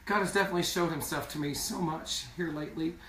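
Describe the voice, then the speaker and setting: A man's voice: fairly high pitch, fast, background noise. A man singer in a casual live video chat, speaking earnestly and repeating words for emphasis. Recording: roomy sound from far off.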